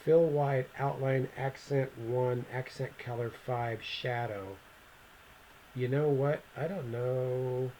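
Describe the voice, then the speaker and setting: A male teacher talks his class through a software task in a screen-recorded lesson. His voice sits at an ordinary middle pitch, and he chats and thinks aloud as he hunts for menu options. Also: fairly even intonation, slow, a little hiss or hum, rough recording. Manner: chatty, thinks aloud while clicking through steps.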